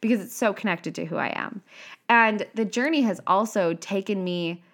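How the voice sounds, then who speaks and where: A woman in a casual monologue as an author and coach, animated and profane, often slipping into playful quoted voices. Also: mid-range voice, moderate pace. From half Italian.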